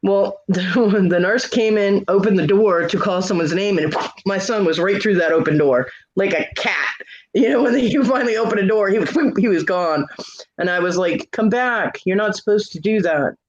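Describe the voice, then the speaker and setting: A middle-aged woman tells a funny family story in a casual chat, laughing often and acting out the quoted voices. Her mid-range voice moves at normal speed, with slight background noise, in dull lo-fi live stream audio.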